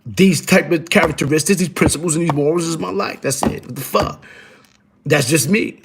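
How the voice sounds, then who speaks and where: Brief: middle-aged New man, slightly high voice, loose profane streetwise rambling, keeps asking "you heard?". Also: moderate pace, vocal fry, slight background noise. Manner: profane and emphatic. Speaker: guest on a live show. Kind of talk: casual live-stream talk.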